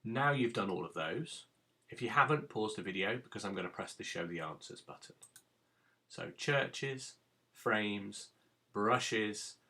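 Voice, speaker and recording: A man's voice: on the low side, bright, forceful tone. A man teaching a recorded phonics lesson to young children, giving patient step-by-step instructions. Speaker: primary school teacher.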